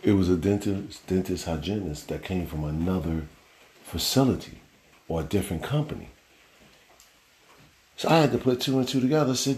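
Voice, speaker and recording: Low-voiced man rambling on a podcast. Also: animated, moderate pace, pauses often, a little mellow, reverberant. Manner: loose, rambling storytelling with slang and cursing. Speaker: podcast host. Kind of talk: casual solo podcast monologue.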